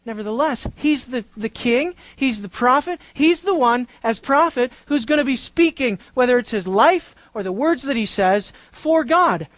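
Woman, sermon, high voice, dry close sound, emphatic, quizzes the congregation. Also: lively intonation, moderate pace, few pauses, no room sound, low-quality recording. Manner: emphatic, drawing out key words, questions to the congregation. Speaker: preacher. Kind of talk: sermon, Bible teaching.

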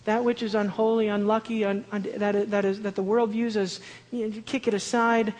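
A man preaching a sermon in an earnest way with a high-pitched voice, building to loud, emphatic declarations. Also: flat delivery, brisk. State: shaky. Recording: long hall reverb.

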